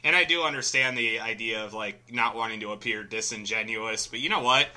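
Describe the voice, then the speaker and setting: A man's voice: lowish voice, brisk, bright, forceful tone. A man from Illinois co-hosting a casual podcast, bantering with enthusiastic, self-deprecating remarks. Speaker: podcast co-host.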